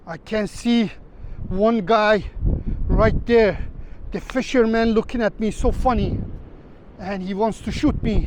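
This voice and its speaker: High-voiced man, mock-dramatic beach vlog. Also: takes it slowly, long pauses, highs cut off. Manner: mock-dramatic, deadpan sarcastic. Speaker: travel vlogger. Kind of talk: sarcastic parody vlog, walking on camera. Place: outdoors on a beach. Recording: faint wind and traffic noise outdoors.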